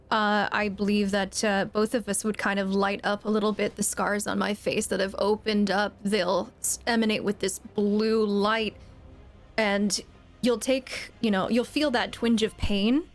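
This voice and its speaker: A woman player calmly describes her character's actions in a tabletop game. Her voice sits at a medium pitch, and her speech is loose and conversational. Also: unhurried.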